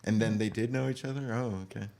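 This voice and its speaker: A young man with a fairly low-pitched voice co-hosts a laid-back podcast recap. He laughs often and slips into exaggerated voices when quoting people. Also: fairly even intonation, fast, creaky, a little mellow. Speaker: podcast co-host. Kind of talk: casual reality-TV recap chat.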